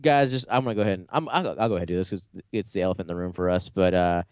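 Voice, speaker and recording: A man's voice: sits low, racing, a little mellow, smooth, dry recording, studio quality. A man co-hosting a casual podcast, jokey and rambling, riffing with his friends. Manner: jokey, rambling, slips into mock accents. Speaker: podcast co-host. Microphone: studio mic, live stream.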